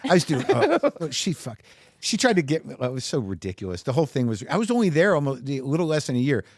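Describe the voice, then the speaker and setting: A man's voice: medium pitch, quick pace, dry recording, clean studio sound. A male comedian telling a wild story in casual chat, swearing and acting out what others said. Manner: animated storyteller, swearing, acts out quotes. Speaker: guest comedian.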